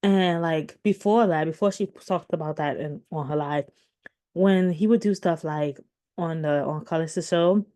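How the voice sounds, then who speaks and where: Her deep, warm voice moves a little slowly as this vlogger in her thirties comments casually for her viewers. The talk rambles, peppered with restarts and fillers.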